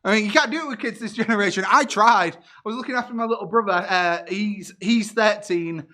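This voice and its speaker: A man's voice: high voice, a little fast, pushed and bright. A man, doing a self-deprecating stand-up comedy set with punchy delivery. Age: 30s.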